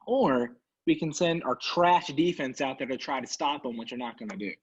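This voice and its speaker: A man's voice: mid-range voice, normal speed, slightly rough. A man co-hosting a sports podcast, ranting in casual talk, sarcastic and exasperated. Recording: dull lo-fi sound.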